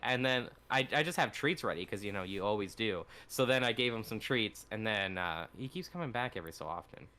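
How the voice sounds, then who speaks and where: Bright, laid-back man chatting. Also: on the low side, lively intonation. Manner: laid-back, filler-heavy, quick to laugh along. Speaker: podcast co-host. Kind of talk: casual chat. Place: at home.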